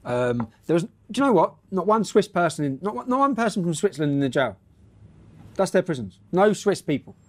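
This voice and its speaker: A man's voice: sits high, big pitch swings, a little fast, a little mellow. A middle-aged man telling a story and reading news aloud bluntly, with frequent laughter and swearing.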